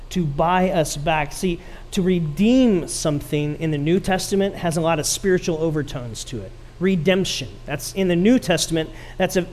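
A man preaching a sermon, telling a scripture story and asking the congregation questions, with some dry sarcasm. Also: fairly high pitch. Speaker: pastor.

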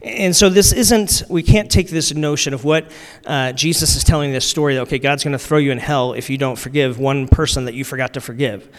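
A man preaching a sermon in a relaxed, conversational way, using slang and repeating his key lines for emphasis. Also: medium pitch, a little fast, hardly any pauses. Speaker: pastor. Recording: long reverb of a large hall.

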